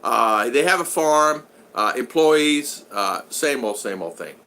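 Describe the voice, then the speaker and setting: A man's voice: medium pitch, expressive, slow pace, bright, forceful tone, slight background noise. An older man telling rambling stories and answering his live chat, with many restarts and fillers. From United States. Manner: rambling anecdotal storyteller with frequent restarts. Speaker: vlogger reading live chat. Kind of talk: casual livestream chat.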